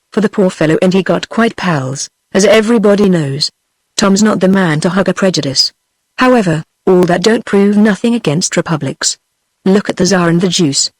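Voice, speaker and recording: A text-to-speech woman's voice with a British English accent, reading the lines of a blunt male cobbler in a storybook in an even, synthetic way. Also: lowish voice, no room sound, lightly acted, rough recording.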